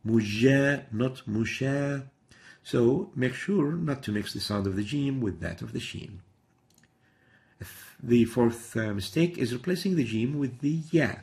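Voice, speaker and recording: Gravelly-voiced man teaching pronunciation. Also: mid-range voice, a little slow, darkish tone. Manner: methodical, demonstrates each sound by repeating example words. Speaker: Quran recitation teacher. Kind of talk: instructional lesson.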